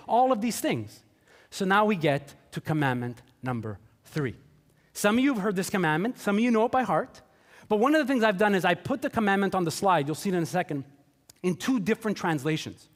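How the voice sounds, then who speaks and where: A man preaching a sermon in a chatty, joking way, acting out quotes in playful voices. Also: high-pitched. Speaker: pastor. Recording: long hall reverb.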